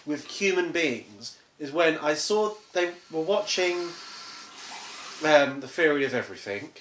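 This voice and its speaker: A podcast co-host telling stories with lively, swooping pitch and a bright edge. The talk is indignant and full of swearing. The recording is roomy, with a faint hiss behind it. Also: a little slow. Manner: animated, indignant storytelling, swears freely. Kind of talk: casual chat. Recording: echoey room with faint noise.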